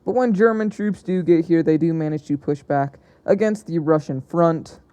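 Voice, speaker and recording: The narrator of this alternate-history map video is a young man whose voice is a little high, clean and dark in tone, at a normal speed. He chats casually and hesitantly, often revising what he's just said.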